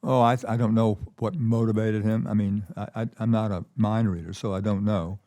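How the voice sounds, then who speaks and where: A man's voice: on the low side, steady tone, normal speed, warm tone. An older man telling stories as a conference keynote guest, rambling with many restarts. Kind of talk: conversational storytelling. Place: conference stage.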